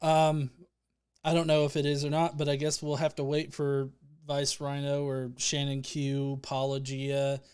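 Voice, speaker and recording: A man chatting loosely on a livestream at a middle pitch, trading jokes and curses between thank-yous to viewers. He talks in loose bursts, restarting phrases as he goes. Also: monotone, unhurried, a little mellow, clean tone. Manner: joking, profane, rambling with restarts; reads out viewer comments and thanks. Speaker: livestream host. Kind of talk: casual livestream chat.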